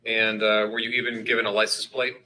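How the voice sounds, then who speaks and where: A man questioning a witness in court in a measured, formal way. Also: lowish voice, flat delivery, pushed and bright, low-quality recording. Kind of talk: courtroom examination.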